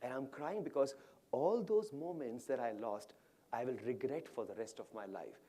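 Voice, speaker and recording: A man's voice: fairly high pitch, very animated, quick pace, husky. A man voicing a tearful grieving widow. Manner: hushed, tearful, at times whispered. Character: grieving widow in her fifties, tearful, soft-spoken.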